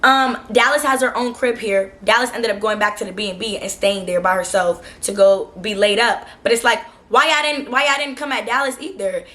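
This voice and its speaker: A young woman recounts a chaotic night to her viewers in loose, slangy talk. Her voice is fairly high and bright, pushed forward with force. She sounds irritated and keeps circling back to make her point. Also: fairly quick, hardly any pauses. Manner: animated, frustrated, slangy retelling. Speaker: vlogger. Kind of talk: casual storytime.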